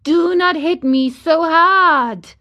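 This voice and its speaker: A tiny, childlike voice from inside a block of firewood, squeaking far above her normal range. It pleads and giggles with a thin, distant sound, like a storybook creature. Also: takes it slowly, bright, forceful tone, lo-fi sound, full character voice. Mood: pleading. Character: tiny weeping childlike voice inside a wooden log.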